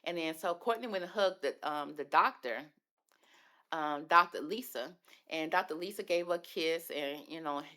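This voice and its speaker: A woman's voice: low voice, moderate pace, pushed and bright. A woman hosting a casual reality TV recap, chatty and gossipy, calling listeners "baby" and acting out the people she discusses. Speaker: reality TV commentary host.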